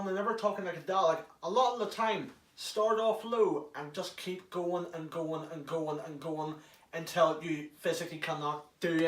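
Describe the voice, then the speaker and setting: A man's voice: high-pitched, a bit bright. A man giving a casual how-to demonstration, chatty and jokey, with some swearing, recorded inside an enclosed prop casing. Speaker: prop hobbyist. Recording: echoey, from far off the mic.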